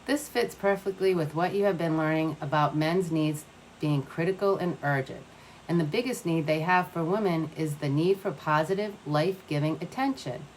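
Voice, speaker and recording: A wise old grandmother speaks in a low, calm and gentle voice, as a woman narrator voices her. She takes her time over each sentence. A faint room hum lies under her words. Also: moderate pace, natural voice, rough recording.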